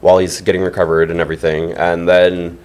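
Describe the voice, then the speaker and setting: A man's voice: low voice, level tone, fast talker, a little mellow. A man on a podcast as a guest, chatting casually and animatedly, with lots of fillers and frequent laughter. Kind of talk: casual chat.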